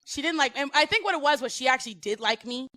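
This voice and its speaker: A woman guest on a podcast, telling stories in a casual, profane and animated way with lots of slang. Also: high voice, quick pace, no room sound. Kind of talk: casual storytelling.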